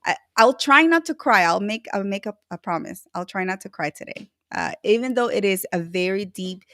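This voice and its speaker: A woman's voice: medium pitch, animated, moderate pace, fairly bright tone, no room sound. This is a woman from Chile who hosts a live online talk show. She chats with viewers in a bubbly, effusive way and laughs often. The sound is dry and close, with no room to it. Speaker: livestream host. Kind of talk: casual livestream chat.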